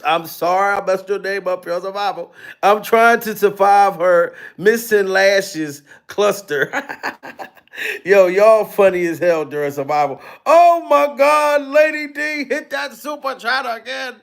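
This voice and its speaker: A man hosting a live-stream commentary show, loud and profane, laughing and mocking as he reacts to clips and reads out viewer donations. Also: sits high, takes it slowly, gravelly. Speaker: livestream commentary host.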